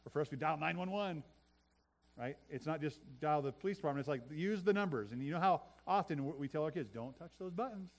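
Fairly high-voiced man preaching. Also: quick pace. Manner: repeats words, varies loudness for emphasis, talks to the congregation. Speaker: pastor. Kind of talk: sermon.

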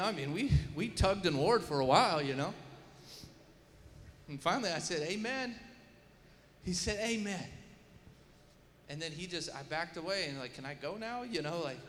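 A man with a high, bright voice preaches in a story-telling manner, swinging between hushed asides and shouted prayer. He is recorded in a large church hall with long reverb and a faint murmur of room ambience behind him. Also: slight background noise. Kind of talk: sermon story.

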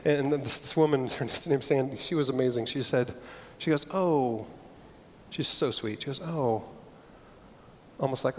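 Speaking a little slowly in a mid-range voice, a middle-aged pastor delivers an earnest, conversational sermon, frequently starting his phrases over. The recording has the long reverb of a large hall and slight background noise.

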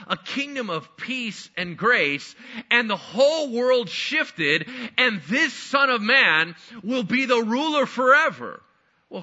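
A man preaching a sermon in a high, very bright voice that swings up and down through its range. He is animated and slips into the voices of doubting listeners. The sound is a little dull and lo-fi. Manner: animated, acts out skeptical listeners. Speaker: pastor.

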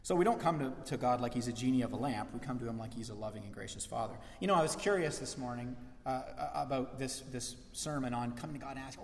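A man preaching a sermon as pastor, lively and acting out the voices he quotes. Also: mid-range voice, fast talker, hardly any pauses, slight background noise. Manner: animated, acts out quoted voices. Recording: echoey church hall.

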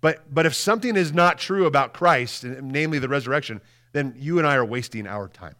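Animated pastor man preaching. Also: mid-range voice, a little fast. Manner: animated, conversational, often repeats words and asks "right?"; swings between loud emphasis and quiet, hushed lines. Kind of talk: Easter Sunday sermon.

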